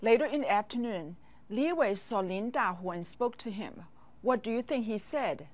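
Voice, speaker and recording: A woman teaching a language lesson, speaking slowly and patiently and pausing for learners to repeat after her. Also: medium pitch, animated, darkish tone. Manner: slow, patient drills with pauses for repeating.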